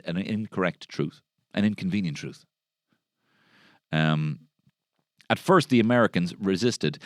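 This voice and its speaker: A man's voice: on the low side, no room sound, clean studio sound. A man with an Irish accent hosting a solo comedy podcast, rambling and sardonic, swearing freely. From Ireland. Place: podcast studio.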